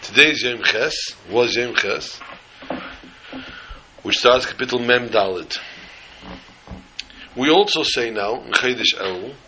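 A man delivering a sermon with lively, acted-out storytelling. His voice is bright and forceful, and his pacing stays relaxed as he explains the weekly portion. He speaks like a rabbi teaching his congregation. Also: mid-range voice, slow pace, long pauses, slight background noise, rough recording. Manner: animated storyteller who acts out scenes.

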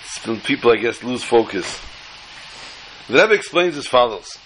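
A man's voice: medium pitch, lively intonation, moderate pace, fairly bright tone, slight background noise, poor audio. A man teaching a Torah class, telling a long joke in a chatty, joking way and often repeating words. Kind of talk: storytelling lecture.

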